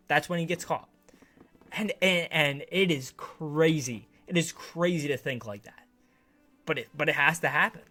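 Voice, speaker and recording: A man's voice: on the high side, a bit bright. A man casually reviewing a TV series on his channel, enthusiastic and rambling, with lots of restarts and slang.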